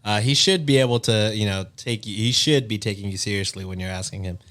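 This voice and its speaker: A man's voice: lowish voice, quick pace, a bit bright. A man co-hosting a casual podcast, joking around and introducing stories in a laid-back way. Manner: laid-back, jokey, reads stories aloud. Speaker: podcast co-host.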